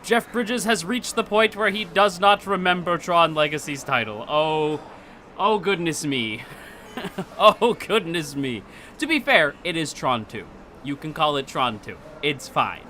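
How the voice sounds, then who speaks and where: An excitable man talks casually on a livestream, his pitch swinging widely. His tone is very bright and forward, and he keeps stopping and restarting his sentences. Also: a little slow, slight background noise. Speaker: streamer.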